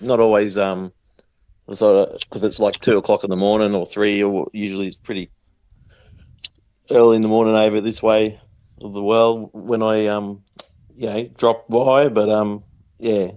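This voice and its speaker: A man's voice: fairly low pitch, dark tone, no room sound. A man with an Australian accent chatting casually as a caller, hesitant with many ums. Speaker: viewer calling in. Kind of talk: casual chat.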